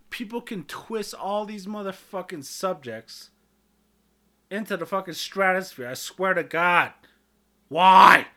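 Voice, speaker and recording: A man talking casually on his own, joking and swearing a lot, often getting loud and worked up. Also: high-pitched, measured pace. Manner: profane, joking, self-deprecating, swings loud and excited. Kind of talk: casual rambling monologue.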